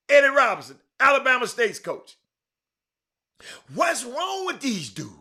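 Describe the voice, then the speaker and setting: A man hosting a sports talk show, speaking emphatically, swinging between loud outbursts and low asides. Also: very animated, unhurried. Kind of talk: animated sports talk commentary.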